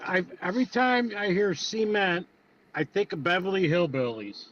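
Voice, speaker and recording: A man's voice: high voice, moderate pace, fairly bright tone, dull audio, a little hiss or hum. A man from the northern US calling in to a live show, teasing and chuckling as he talks. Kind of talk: casual call-in chat.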